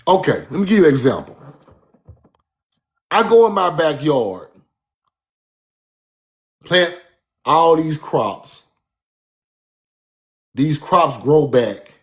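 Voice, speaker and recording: A man's voice: a little high, very animated, slow, long pauses. A man giving a casual, emphatic street-style lecture, repeating his points and calling the listener bro. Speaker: speaker giving a talk.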